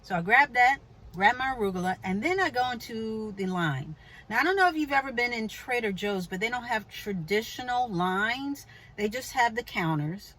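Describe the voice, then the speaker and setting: A woman vlogger telling a personal story to her viewers in a chatty, animated way, with asides to the viewer. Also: on the high side, moderate pace, low-quality recording. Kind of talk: casual storytelling to camera.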